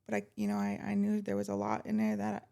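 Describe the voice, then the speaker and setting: Woman podcast host; strong vocal fry, even pitch; heartfelt and halting. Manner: heartfelt, halting, many fillers. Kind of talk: casual interview chat.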